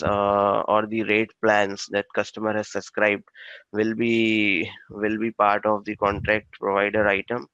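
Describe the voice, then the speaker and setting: A male instructor explains a technical system in a halting way, full of fillers and restarts. His low voice stays flat and even. The recording sounds dull and lo-fi, with a dry, close sound. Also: smooth, dry recording. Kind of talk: technical training lecture.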